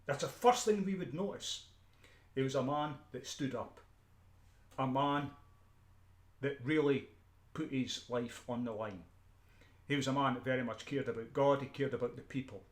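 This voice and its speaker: A Scottish street preacher speaks in an unscripted, emphatic rant at an ordinary middle pitch. He repeats words, restarts sentences and clears his throat often. His voice rings back from a bare, echoey room. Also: normal speed, long pauses. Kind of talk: unscripted ranting monologue.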